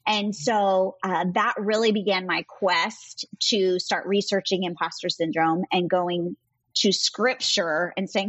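Woman, author guest, earnest storytelling, animated quoted voices, dull lo-fi sound. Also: medium pitch, no room sound. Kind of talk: faith-based interview storytelling.

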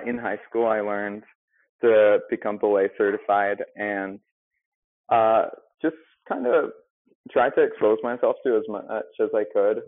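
Young male guest, low voice, dry phone-line sound, halting and filler-heavy. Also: dry recording. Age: young adult. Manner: hesitant, with many fillers. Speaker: restaurant manager, guest. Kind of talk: casual interview answers.

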